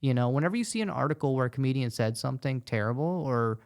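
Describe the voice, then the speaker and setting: A man who is a stand-up comedian and guest, talking casually and animatedly, telling stories with quick asides. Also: medium pitch, lively intonation, clean tone. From United States. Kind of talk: casual podcast conversation.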